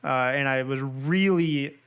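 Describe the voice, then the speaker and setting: A man's voice: medium pitch, measured pace, fairly bright tone, smooth. A young man chatting casually on a podcast, rambling and playful. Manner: rambling, lots of fillers and restarts, playful. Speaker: podcast co-host. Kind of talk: casual chat.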